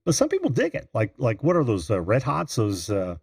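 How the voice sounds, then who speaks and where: Gravelly, animated man hosting a call-in show. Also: medium pitch, fairly quick, no echo, studio quality. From Indiana. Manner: chatty, laughs often, greets viewers by name. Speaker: host of a live video call-in show. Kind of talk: casual live-stream chat.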